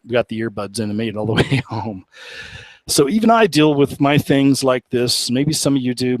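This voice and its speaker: Man, rambling live-stream host, earnest, mid-pitched, dry close sound. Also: no room sound, rough recording. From Oklahoma, USA. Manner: rambling, earnest, laughs often. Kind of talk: casual live-stream chat.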